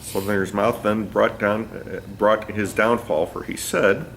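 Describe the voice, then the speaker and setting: A man reading a text aloud in a class in a steady, measured way, adding short remarks of his own. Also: fairly low pitch, slight background noise.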